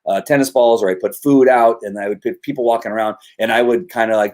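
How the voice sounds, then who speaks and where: A dog trainer explains his methods in a loose, conversational way. He often stumbles, repeats words and restarts his sentences. His voice sits at an ordinary pitch for a man. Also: fairly even intonation, fast talker, a little mellow. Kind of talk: casual explanatory talk.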